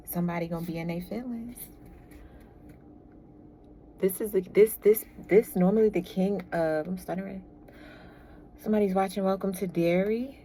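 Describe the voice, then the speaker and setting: A woman's voice: on the low side, warm tone, slight background noise. A woman giving a casual tarot reading, chatty and laughing often as she talks to viewers. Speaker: tarot reader.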